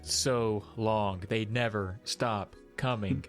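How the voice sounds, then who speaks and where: A man's voice: on the low side, steady tone, slow pace, faint music behind. A man co-hosting a podcast, chatting casually and making joking, sardonic asides. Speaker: podcast co-host. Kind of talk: casual chat.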